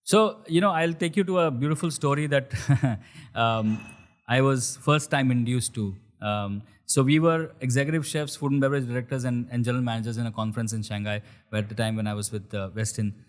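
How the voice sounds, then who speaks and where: A man's voice: mid-range voice, a little fast. A middle-aged man with an Indian accent, mixing Hindi and English as he tells a story in an interview. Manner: animated, mixes Hindi and English. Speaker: chef and restaurant founder. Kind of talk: conversational storytelling.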